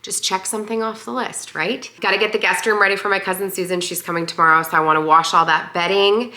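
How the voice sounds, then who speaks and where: A young woman with a hoarse, deep and raspy voice, chatting casually and upbeat in a lifestyle vlog. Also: steady tone, quick pace, sharp tone. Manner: chatty, upbeat, many fillers. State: hoarse, voice partly lost. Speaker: lifestyle vlogger.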